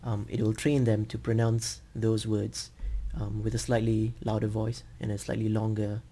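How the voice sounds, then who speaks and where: A man teaching English over a video call, explaining patiently and slowly with frequent ums. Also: lowish voice, flat delivery, dark tone, slight background noise. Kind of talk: screen-share teaching demo.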